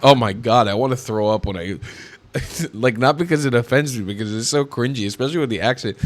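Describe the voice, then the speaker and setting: A man's voice: mid-range voice, fairly quick. A man giving indignant, mocking reaction commentary on video clips.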